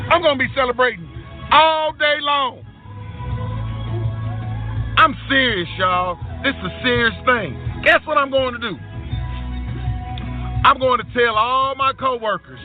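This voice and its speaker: A man's voice: extremely high pitch, unhurried, long pauses, faint music behind. Whooping man ranting in a car. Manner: boisterous, whooping and exclaiming. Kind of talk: self-filmed celebration rant. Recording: tinny phone-like audio.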